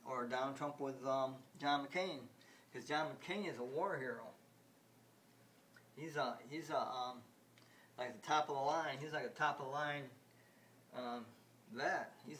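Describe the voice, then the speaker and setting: Rambling, halting man vlogging. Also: mid-range voice, a bit bright, a little hiss or hum. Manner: halting and repetitive, many restarts. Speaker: video game vlogger. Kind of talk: rambling home video chat.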